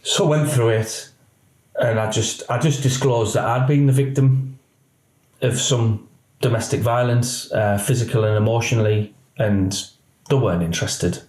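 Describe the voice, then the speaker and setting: With a mid-range voice at normal speed, a middle-aged policeman shares his account frankly as a podcast guest. He's an expressive narrator who performs the lines of those he quotes, and there's noticeable room echo.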